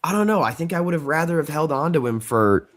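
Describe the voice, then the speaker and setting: A man hosting a sports podcast in a relaxed, conversational way, putting questions to his co-hosts. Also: on the high side, fast talker. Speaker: podcast host. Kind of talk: casual sports talk.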